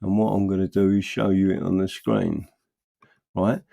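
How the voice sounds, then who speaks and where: A middle-aged man hosting a casual political livestream, rambling between animated bursts and muttering while he works his screen and reads viewer comments. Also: deep voice, normal speed, creaky.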